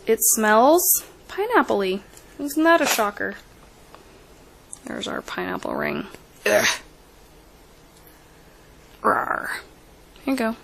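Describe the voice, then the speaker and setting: Chatty mom vlogger, slightly high voice. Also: female voice, sing-song, measured pace, creaky, pauses often, slight background noise, low-quality recording. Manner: chatty, reads product names aloud, coaxes her kids. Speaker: mother filming her kids. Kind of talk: casual home unboxing vlog. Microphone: camera mic.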